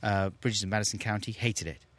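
A man's voice: lowish voice, fairly even intonation, fairly quick, fairly bright tone. A man co-hosting a podcast, wry and playful with wordplay in casual chat. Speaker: podcast co-host.

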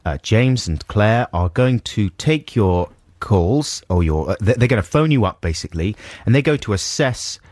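A man's voice: lowish voice, normal speed, hardly any pauses, no room sound, clean studio sound. A man co-hosting a radio show, chatting in a jokey, rambling way. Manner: jokey, rambling, lively banter. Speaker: radio host. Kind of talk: casual radio chat. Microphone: studio mic.

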